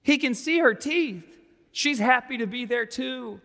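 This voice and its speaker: A man's voice: very high-pitched, measured pace, gravelly, sharp tone. A man pastor giving a sermon, conversational with wry asides, in a church sanctuary. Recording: long reverb of a large sanctuary.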